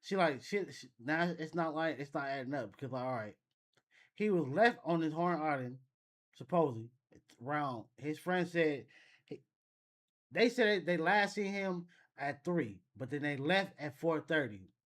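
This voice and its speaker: A man's voice: on the high side, expressive, measured pace. A man hosting a reaction video, musing casually and thinking aloud with frequent restarts. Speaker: reaction channel host.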